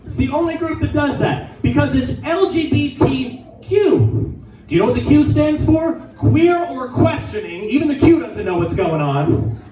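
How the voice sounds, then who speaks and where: A man doing a crude stand-up set in a bar lounge, riffing fast and shouting his punchlines. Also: extremely high pitch, lively intonation, echoey room, distant mic, dull audio. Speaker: stand-up comedian.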